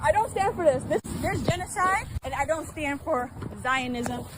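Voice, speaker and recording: A young woman protests on a city street, insistent and agitated, with a high voice that swoops up and down. The phone video picks up loud street noise and traffic around her. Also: expressive, moderate pace. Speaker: street protester in a viral clip.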